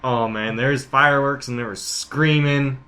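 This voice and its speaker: A man's voice: medium pitch, fairly even intonation, unhurried, bright, forceful tone. A man co-hosting a podcast in casual comedic chat, laid-back and laughing along with short replies. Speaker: podcast co-host.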